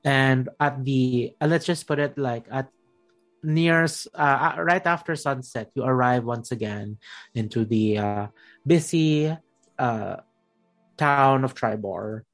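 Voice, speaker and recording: A man's voice: mid-range voice, slow. Man, game master, rambling narration, filler-heavy, faint music behind. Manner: rambling, many fillers and self-corrections.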